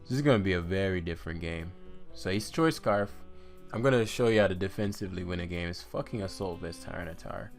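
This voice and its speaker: A man's voice: low voice, quick pace. A man giving live commentary on a competitive game, swearing and trash-talking his opponent as he plays. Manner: profane, frustrated, trash-talking. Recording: faint guitar music behind.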